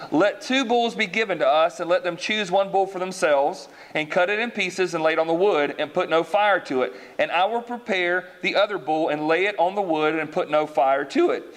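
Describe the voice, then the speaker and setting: A man preaches from scripture in a high, lively voice. He reads the passage, then breaks off to explain it and acts out its characters. He keeps turning to his listeners with questions. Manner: animated, acts out voices in the story, asks the congregation questions. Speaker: pastor. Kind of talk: sermon reading and explaining scripture.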